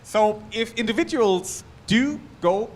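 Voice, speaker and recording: A man's voice: sits high, lively intonation, slow pace, a little hiss or hum. German man giving a chatty tech talk. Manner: loose, chatty delivery with restarts and asides. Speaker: conference speaker. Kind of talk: technical conference talk. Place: conference hall.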